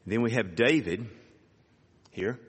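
A man preaching a sermon. He reads scripture aloud and rises sharply in pitch on emphatic words. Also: slow pace, slightly rough. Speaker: pastor. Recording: hall reverb.

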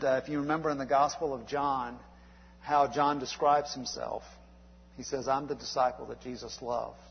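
A male pastor delivering a sermon in a conversational, halting way, with many fillers and restarts. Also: mid-range voice, breathy edge, big-room sound, lo-fi sound. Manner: conversational preaching with frequent uhs and restarts.

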